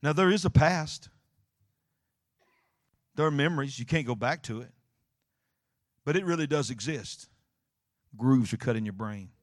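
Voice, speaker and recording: A male pastor preaching a sermon, telling a story with dramatic swings from hushed to shouting. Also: medium pitch, a little slow, long pauses, no room sound, clean studio sound. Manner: animated storytelling, acting out scenes, swinging from quiet to shouting.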